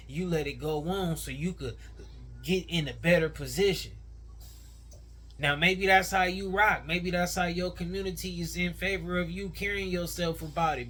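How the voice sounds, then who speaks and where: A man's voice: a little high, fairly bright tone, a little hiss or hum. A man giving casual, opinionated reaction commentary, talking in a conversational way full of slang.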